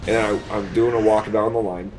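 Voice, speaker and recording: A fast-talking man with a lowish voice hosts a let's play, telling a long story casually over the gameplay. He's animated and laughs his way through his own tale, with music playing behind him.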